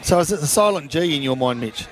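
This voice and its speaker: A man chatting as a guest on a radio show, easygoing and relaxed. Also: on the high side, fast talker. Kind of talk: casual banter on air.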